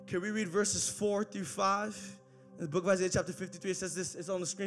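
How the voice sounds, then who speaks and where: A young male preacher with a high, bright voice delivers a sermon in church. He moves from hushed, close passages to shouted peaks and throws jokes at the congregation. Faint music plays behind him. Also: rapid-fire. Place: church service, live.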